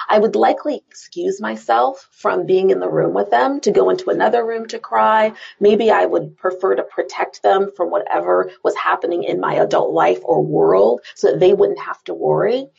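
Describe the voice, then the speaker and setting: A woman's voice: mid-range voice, moderate pace, gravelly, hardly any pauses, darkish tone, lo-fi sound. A woman author as a guest on a podcast interview, telling a personal story in a reflective, earnest way.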